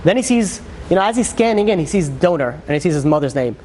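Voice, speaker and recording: A man, a rabbi, telling a dramatic story in a sermon, with lively, conversational storytelling that swings into character voices. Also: fast talker, a little hiss or hum. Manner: animated storyteller, acts out characters with shifts in pitch; conversational, many fillers.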